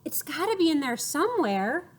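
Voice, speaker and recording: A woman's voice: sits high, sing-song, normal speed, voice pushed up. A woman voicing an eager young male pet parrot in a storybook read-aloud, talking to himself in an earnest, determined way.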